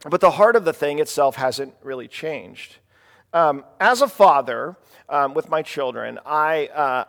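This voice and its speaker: A man in his thirties preaching a sermon, telling a family story in a halting, conversational way with many restarts. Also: a little high. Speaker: pastor. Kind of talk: sermon with personal stories. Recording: long hall reverb.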